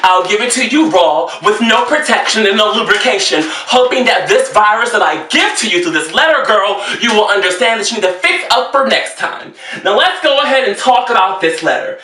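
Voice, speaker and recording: Sassy dramatic guy ranting, bright voice, swoops up and down a lot, echoey room. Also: sits high, a little fast, hardly any pauses. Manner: theatrical, sassy, exasperated, animated delivery. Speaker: fashion designer reviewing emails. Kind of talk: sassy comedic rant. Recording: roomy echo, mic at a distance.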